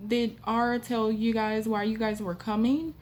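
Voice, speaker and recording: A woman voicing a creepy man in his eighties who keeps gargoyles, talking with calm, dismissive reassurance. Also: fairly high pitch, unhurried, slight background noise, natural voice. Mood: reassuring.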